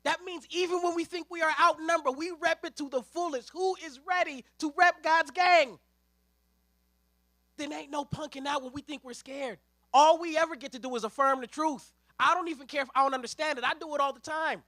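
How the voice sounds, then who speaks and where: A man preaching a sermon as a ministerial intern, in a lively, conversational way with slang and storytelling. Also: very high-pitched, brisk, dry recording.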